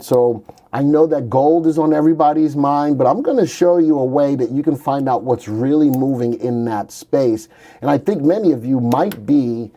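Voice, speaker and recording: A man's voice: mid-range voice, warm tone. A man hosting a live online stock market session as senior instructor, explaining things in a casual, conversational way and often restarting sentences. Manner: conversational, self-correcting, upbeat explainer. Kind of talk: casual livestream presentation.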